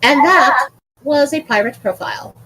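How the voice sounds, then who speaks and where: A woman's voice: sits high, moderate pace, bright, forceful tone, poor audio. A woman co-hosting a casual podcast, reading aloud and often breaking into giggles. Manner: giggly, reads with frequent laughs. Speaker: podcast co-host.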